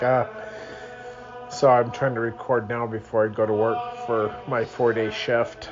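A man's voice: mid-range voice, flat delivery, measured pace, muffled recording, over music. A young man reading a religious book aloud at home in the early morning, tired and yawning, drifting into rambling asides. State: sleepy.

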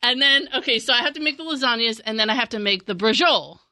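A middle-aged woman co-hosting a podcast, chatting casually and telling animated stories with frequent laughs. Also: a little high, quick pace, slight background noise. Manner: animated storytelling, laughs often, acts out quotes. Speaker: podcast co-host. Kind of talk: casual chat.

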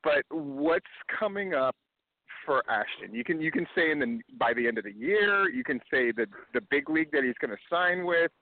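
Co-host dude, bouncy lively voice, kinda high, asking the last question, phone-line sound. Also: male voice, moderate pace, no room sound. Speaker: show co-host. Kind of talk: casual interview questions.

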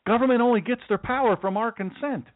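A man's voice: very high-pitched, fast, no echo. A male talk show host delivering an impassioned political monologue from his studio, emphatic and repetitive, often stammering and restarting as he pushes his point. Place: home studio. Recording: dry, tinny phone-like sound.

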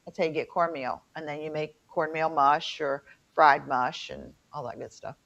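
A middle-aged woman with an Appalachian twang tells rambling, filler-laden stories as a co-host. Her voice sits low with a gravelly edge. The recording is muffled and lo-fi. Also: fairly even intonation, normal speed, a bit bright. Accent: Appalachian mountain twang. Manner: chatty storyteller, lots of fillers. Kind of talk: casual chat. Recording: muffled lo-fi audio.

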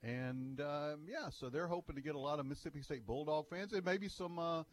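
A man's voice: fairly high pitch, fairly quick. A man co-hosting a sports talk radio show, telling jokey stories in casual banter. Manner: lively, jokey storyteller.

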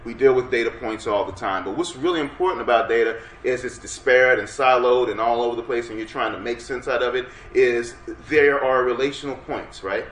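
A man's voice: mid-range voice, fairly quick, hardly any pauses. A man presenting an interactive workshop lecture with energy, urging the audience to answer. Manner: energetic, coaxes audience to respond. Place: workshop room. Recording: roomy room sound, faint background noise.

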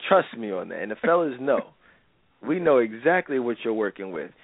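A man's voice: mid-range voice, big pitch swings, normal speed, no room sound. A man hosting a radio talk show, lecturing listeners in a rambling, preachy monologue. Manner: preachy, rambling, lots of fillers. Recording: phone-like radio line.

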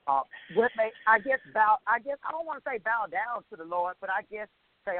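A woman's voice: mid-range voice, fairly quick. Emphatic woman host on a tinny phone line. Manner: emphatic and expressive. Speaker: radio show host. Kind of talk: faith-based interview.

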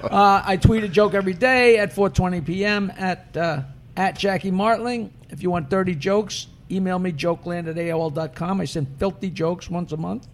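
A man's voice: sits high, moderate pace. A man comedian telling raunchy jokes on a podcast and laughing at his own punchlines. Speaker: comedian guest.

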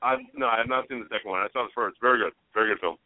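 A man co-hosting a podcast chat, playful and quick to crack jokes. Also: fairly low pitch, no echo. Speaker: co-host. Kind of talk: casual chat. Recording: tinny phone-like sound, dry.

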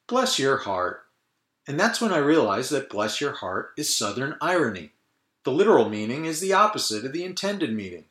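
A man's voice: medium pitch, fairly bright tone. A man in his fifties from the northern United States, hosting a solo podcast rant in a dry, sardonic way. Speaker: podcast host. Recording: roomy echo.

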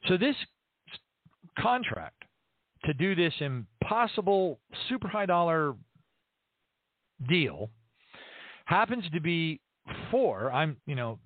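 A man's voice: a little high, sing-song, takes it slowly, long pauses, no room sound. A man hosting a Christian show, casually teaching from the Bible and telling stories where he acts out both sides of a conversation. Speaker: Christian radio show host. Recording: tinny phone-line sound, dry.

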